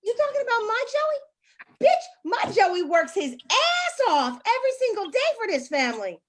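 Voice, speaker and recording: A loud, brash Italian-American mother, as a comedian puts her on. She scolds and shouts in a high, piercing voice, fiercely protective of her husband and kids. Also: animated, measured pace. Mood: furious.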